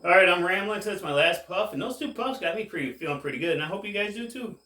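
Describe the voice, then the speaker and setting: A man casually rambling to camera as a cannabis vlogger, laid-back and drawn-out, saying "man" a lot, high while he talks. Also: animated, bright, forceful tone, reverberant, far from the mic. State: high, getting more stoned.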